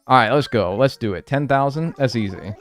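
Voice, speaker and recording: A man's voice: mid-range voice, fairly quick, soft background music. A man streaming a game live, chatting with his viewers and swearing freely as he plays. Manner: animated, swears freely, banters with chat. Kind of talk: live gameplay commentary.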